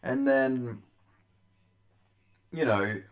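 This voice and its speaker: This young MMA commentary host draws out his words in a medium-pitched, fairly even voice. His casual vlog talk is crude and rambling, loaded with swearing and frequent laughs.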